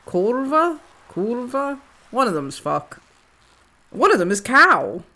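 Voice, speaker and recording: A woman's voice: mid-range voice, huge pitch swings, unhurried, sharp tone. A young British woman streaming a farming game, swearing freely and laughing through casual banter. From Britain. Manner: swears often, laughs between lines.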